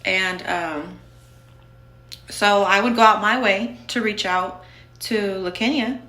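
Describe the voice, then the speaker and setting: A woman's voice: mid-range voice, slow pace, pushed and bright, echoey room. A woman telling her own story in a casual, candid, blunt way, full of "like". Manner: candid and blunt, with many fillers of "like".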